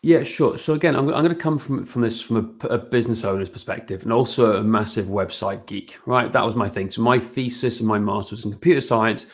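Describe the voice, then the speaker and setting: Gravelly man, energetic with tag questions. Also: medium pitch, a little fast, hardly any pauses. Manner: energetic, keeps adding "right?" tag questions. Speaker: podcast guest, business owner. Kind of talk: casual podcast interview.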